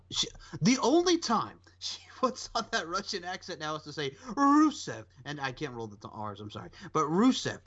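A man's voice: on the high side, normal speed. Rambling man host, dull lo-fi sound. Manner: animated, rambling, swears and laughs often. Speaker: podcast host. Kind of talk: casual chat.

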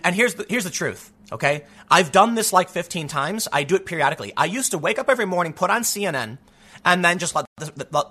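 A man delivering a political commentary monologue in a high, bright voice that leaps around in pitch. His tone is incredulous and sarcastic as he reads articles aloud, with a slightly husky edge. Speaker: commentator hosting his own channel.

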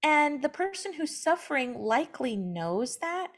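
A woman's voice: sits high, a little slow. A young woman speaking earnestly as a guest in a casual conversation about faith, sometimes acting out what other people say. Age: young adult. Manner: earnest, animated when quoting others. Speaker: guest, mother sharing her story.

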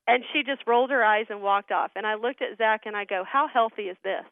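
A middle-aged woman tells family stories as a guest on a radio interview, earnest and animated, her voice sitting a little high. She comes through a tinny phone line with a dry, close sound. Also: fairly quick, few pauses, no echo. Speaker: guest, ministry founder.

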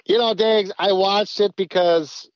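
A man's voice: high-pitched, measured pace, clear, resonant tone, no echo. Rambling man, dry dull sound. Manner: rambling, animated, many restarts. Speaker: podcast guest. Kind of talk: casual podcast chat.

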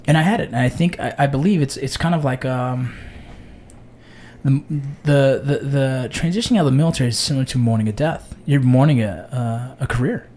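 A man's voice: medium pitch, fairly quick, a little hiss or hum. A man in his thirties, an army veteran hosting a casual chat, blunt and profane, telling stories with animation. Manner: blunt, swears a lot, animated storytelling. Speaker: podcast host, army veteran.

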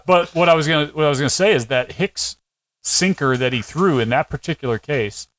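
A man co-hosting a sports podcast in casual chat, making wry deadpan quips and breaking down plays in detail. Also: a little high, brisk, dry recording, rough recording. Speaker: podcast co-host.

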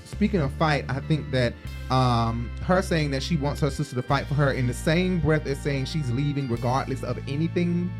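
A man's voice: medium pitch, normal speed, music in the background. A man hosting a casual reality-show recap, talking in a rambling way with many fillers. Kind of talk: casual chat.

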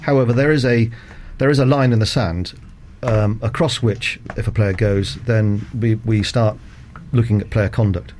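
A middle-aged man with a fairly low voice gives methodical, careful answers as a radio interview guest, filling his pauses with ums and uhs. Each point comes step by step and deliberately. A faint hiss sits underneath. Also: steady tone, darkish tone. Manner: measured, methodical explanations with frequent "um" and "uh". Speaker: cricket umpire, interview guest.

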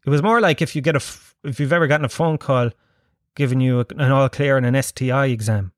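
Irish guy ranting casually, swears a lot, cracks jokes, mid pitch, very dry close sound. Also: fast talker, dry recording. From Ireland. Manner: profane, joking, rambling banter. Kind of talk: casual monologue.

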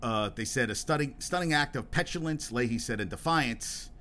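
A man's voice: mid-range voice, lively intonation, normal speed, sharp tone, a little hiss or hum. A man hosting his own solo podcast, talking in a rambling, profane way with lots of restarts and getting worked up as he goes. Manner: worked up and emphatic. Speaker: podcast host.

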